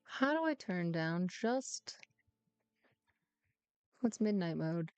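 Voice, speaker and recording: A woman's voice: on the low side, big pitch swings, takes it slowly, a little mellow, smooth, dry recording, soft background music. Chatty woman playing a game. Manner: chatty, teasing, mutters to herself while playing. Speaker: gaming streamer. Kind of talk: casual gameplay commentary.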